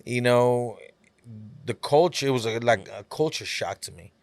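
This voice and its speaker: Dude with a southern texas drawl, chill podcast guest, dry close sound, keeps saying you know. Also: male voice, mid-range voice, no echo. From California. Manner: laid-back, drawn-out phrasing with many "you know" fillers. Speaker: guest rapper. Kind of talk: casual podcast chat.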